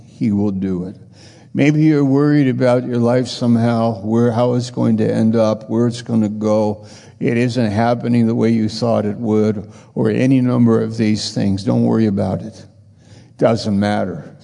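An older man in his sixties delivers a slow, earnest sermon, his low, gravelly voice dark and mellow. He talks conversationally and repeats key phrases. A long reverb trails each phrase through the hall. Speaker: preacher. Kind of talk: sermon with personal testimony.

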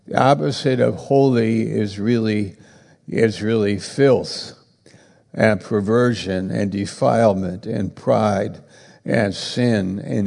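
Slow gravelly preacher man. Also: fairly low pitch, darkish tone, in a large hall. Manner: halting, repeating words for emphasis. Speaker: pastor. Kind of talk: sermon.

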